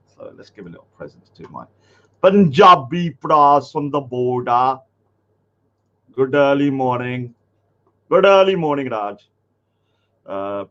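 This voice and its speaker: A man's voice: medium pitch, lo-fi sound. A man hosting a casual livestream, rambling with lots of fillers and getting easily annoyed. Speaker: host.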